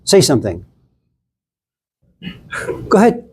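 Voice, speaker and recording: A man's voice: fairly high pitch, huge pitch swings, slow, a little mellow, slightly rough. A middle-aged man giving a casual, blunt classroom lecture on philosophy, chatting straight at his students and acting out little scenes.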